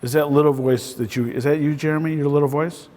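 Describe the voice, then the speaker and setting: A man's voice: a little high, fairly even intonation, quick pace, a little mellow. A man in the role of a real estate coach, giving a casual, conversational talk to a small group and often ending points with "right?". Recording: voice in a reverberant room.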